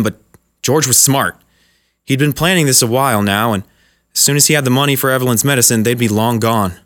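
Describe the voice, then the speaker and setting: A man narrating a dramatic short story in a measured, scripted way. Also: mid-range voice, fairly bright tone.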